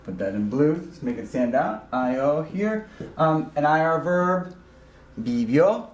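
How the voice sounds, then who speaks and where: Guy teaching a grammar lesson, slow with lots of ums, kinda high voice. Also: echoey room, a little hiss or hum. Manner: slow, deliberate explaining with frequent ums and uhs. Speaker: Spanish teacher.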